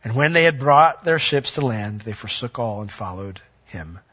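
A man in the pulpit preaches a sermon, reading scripture aloud and dropping in the odd light joke. His voice is slightly husky and sits at a middle pitch. The recording is dull and lo-fi. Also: animated, moderate pace, fairly bright tone. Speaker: pastor.

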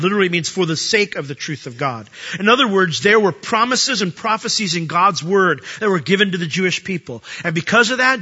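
A man preaching a sermon as pastor, animated and acting out the voices he quotes. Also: sits high, dull audio.

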